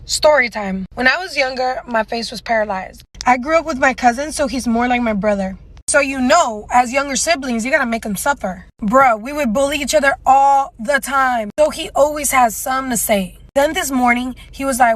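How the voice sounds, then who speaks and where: A woman telling story-time anecdotes in a casual, slangy voice-over that gets loud and dramatic at the peaks. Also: high-pitched, normal speed, no room sound, rough recording.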